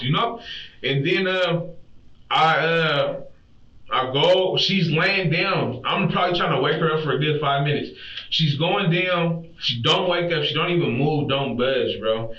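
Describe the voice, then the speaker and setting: A man's voice: on the high side, measured pace, sharp tone. A young man in his twenties, a suspect in a police interrogation, talking in a distressed, rambling, slangy way. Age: 20s. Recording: roomy, distant, muffled interrogation room audio.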